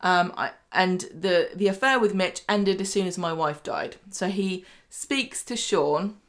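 A woman's voice: fairly low pitch, a little slow. A woman co-hosting a casual chat show, recapping episodes in a chatty way and often laughing. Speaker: podcast co-host recapping a soap.

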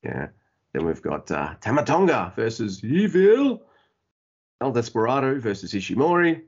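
A man's voice: mid-range voice, sing-song, moderate pace, slightly rough, highs cut off. A man co-hosting a casual wrestling podcast, easygoing and laughing, running through a card of matches. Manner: easygoing, laughs often, reads through lists. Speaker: podcast co-host.

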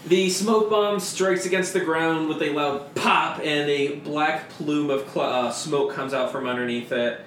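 A man's voice: a little high, steady tone, unhurried, hardly any pauses. Hesitant man running a tabletop game. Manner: loose, hesitant, lots of ums. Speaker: game master. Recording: roomy and noisy.

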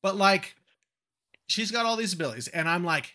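Bright, slightly high-voiced man chatting. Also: lively intonation, normal speed. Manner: self-deprecating, chatty. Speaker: podcast co-host. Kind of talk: casual chat.

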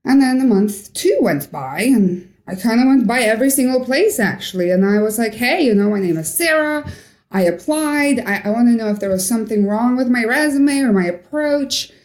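A young woman from Norway recounts a personal story as a guest, slipping into the voices of the people she quotes. Her voice sits a little high. The recording has a noticeable roomy echo. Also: normal speed. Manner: animated storyteller, acts out quoted dialogue. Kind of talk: storytelling interview.

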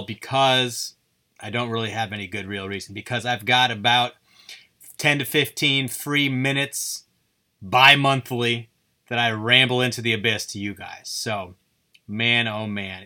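A man's voice: mid-range voice, sharp tone. A man hosting his own podcast, rambling through a goofy, self-deprecating solo monologue. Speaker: podcast host.

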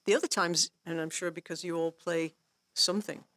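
A woman guest teaching songwriting in a casual workshop talk, animated and laughing often, acting out her own inner thoughts as she tells stories. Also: on the low side, fairly quick, dry recording. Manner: laughs often while explaining.

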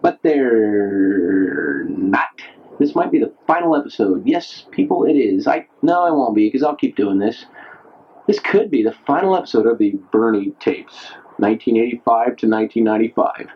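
A man with a husky, middle-pitched voice muses aloud into a home tape diary late at night. He is wry and self-mocking, pausing often and stressing certain words for a listener who may never exist. The cassette sound is dull and lo-fi. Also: animated. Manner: musing and wry, pauses and leans on certain words; self-mocking, talks to an imagined radio audience. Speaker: maker of a personal audio diary tape. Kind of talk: late-night rambling audio diary monologue.

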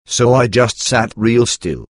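A man narrating a first-person memoir in a measured, earnest storytelling manner. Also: mid-range voice, lively intonation, no room sound, studio quality.

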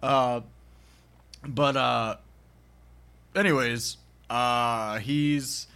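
A man's voice: mid-range voice, fairly even intonation, very slow, pushed and bright, smooth. A man on a podcast casually retelling a film's plot, rambling and acting out the characters' lines. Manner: rambling, acts out characters' lines with bursts of laughter. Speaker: podcast co-host recapping a film. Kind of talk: casual chat.

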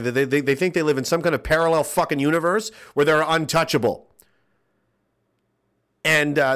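Man, podcast host, profane indignant rant, lively swooping pitch, reads chat comments. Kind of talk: ranting livestream podcast, reading chat comments.

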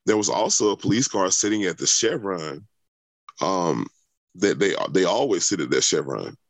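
Deep-voiced man telling a story. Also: lively intonation, moderate pace, no room sound. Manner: rambling, many fillers and restarts. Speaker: interviewee. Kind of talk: conversational storytelling.

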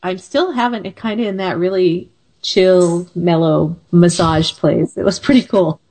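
Relaxed, chatty woman radio host. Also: lowish voice, measured pace. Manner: relaxed, chatty, self-deprecating. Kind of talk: casual chat.

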